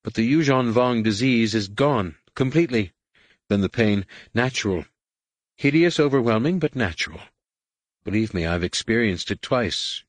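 A man voicing a brisk, motherly woman. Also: mid-range voice, lively intonation, no echo, natural voice. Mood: reassuring.

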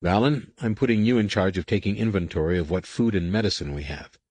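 A man's voice: low-pitched, brisk, darkish tone, husky, no echo. A man voicing a stern, commanding teenage male Jedi who speaks in a firm, clipped way.

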